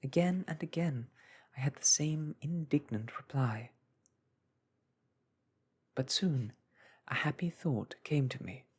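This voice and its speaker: A man reading a classic story aloud in a hushed, soothing whisper, as a calm storyteller. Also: fairly high pitch, takes it slowly, long pauses, slightly rough.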